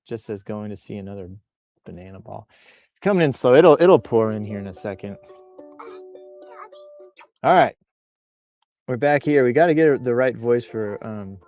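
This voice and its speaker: A man's voice: medium pitch, darkish tone. A man hosting a casual livestream outdoors, joking and riffing as he reads posts and comments aloud. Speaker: livestream host reading posts. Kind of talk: casual live-stream chat. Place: outdoors on a bluff.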